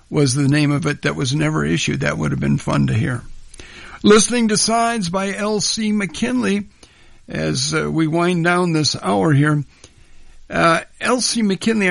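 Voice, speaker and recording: Gravelly-voiced male radio host. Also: a little high, no echo. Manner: relaxed, conversational, with small hesitations. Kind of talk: unscripted record-show patter.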